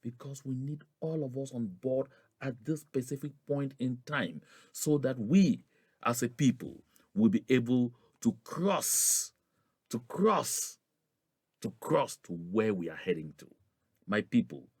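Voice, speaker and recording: A man delivers a rallying political address, his pitch swinging widely as he hammers key phrases. He speaks at a middle pitch, with repetition and emphatic climbs. The sound is dry and close, with little room around it. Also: expressive, a little slow, darkish tone, slightly rough, no room sound. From Southern Cameroons (Anglophone Cameroon). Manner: emphatic, repetitive oratory with rising stressed phrases. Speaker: political activist addressing followers.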